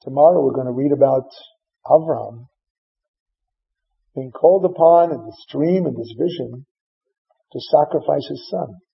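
A man's voice: mid-range voice, unhurried, vocal fry, long pauses. A man preaching a sermon, retelling scripture as a story and mixing in Hebrew terms. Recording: dull lo-fi recording.

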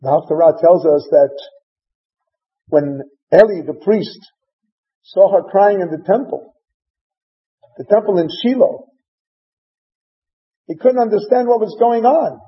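A rabbi giving a sermon, retelling scripture in a dramatic, emphatic storytelling manner. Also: male voice, high voice, unhurried, long pauses. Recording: dull lo-fi recording.

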